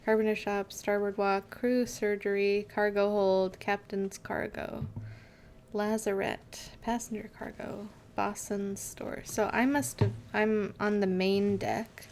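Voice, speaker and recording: Slow-talking woman streamer, rambling. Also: mid-range voice, level tone, darkish tone, slight background noise. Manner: rambling, filler-heavy storytelling. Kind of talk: casual live game commentary.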